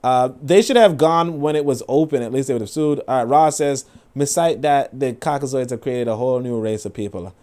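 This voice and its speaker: A man's voice: medium pitch, fairly quick, few pauses, dark tone. A young adult man hosting a casual, profane commentary stream and reading comments aloud. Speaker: show host.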